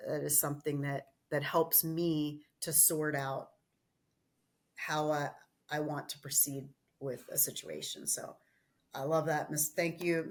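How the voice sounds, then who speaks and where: A woman guest on a podcast, chatty in casual conversation, laughing often and losing her train of thought. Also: deep voice. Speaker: guest, gym general manager.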